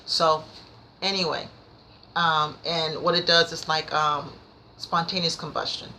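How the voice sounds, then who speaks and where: A woman reviewing books in a casual vlog, nervous and rambling, stumbling over her words but excited and passionate. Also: sits low, measured pace, slight background noise, poor audio. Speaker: book vlogger. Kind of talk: casual book review chat.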